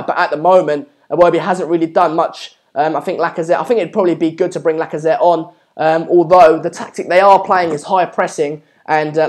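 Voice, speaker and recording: A man's voice: a little high, darkish tone. A young man hosting a live football watchalong, commentating on play and reading out viewer comments in a chatty way with many ums. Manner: chatty, lots of ums, urges viewers to subscribe. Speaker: live stream watchalong host.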